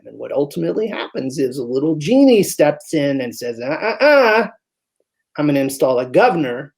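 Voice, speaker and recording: Male physician guest with a husky, raspy voice, chatty and animated, acting out examples. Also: medium pitch. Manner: animated storyteller who acts out voices. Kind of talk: conversational interview.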